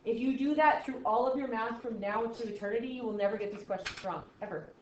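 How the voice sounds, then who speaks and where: A woman's voice: a little high, fast talker, a little hiss or hum. Playful woman teaching math in an echoey room. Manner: playful, exaggerated, jokey asides. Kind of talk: classroom math lesson. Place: classroom. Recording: echoey classroom, dull lo-fi sound.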